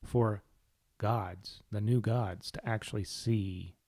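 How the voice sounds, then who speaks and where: A man's voice: fairly low pitch, fairly even intonation, slow pace, darkish tone, no room sound, studio quality. A man co-hosting a podcast, thinking aloud in casual conversation about a comic. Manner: musing, thinking aloud with restarts. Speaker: podcast co-host.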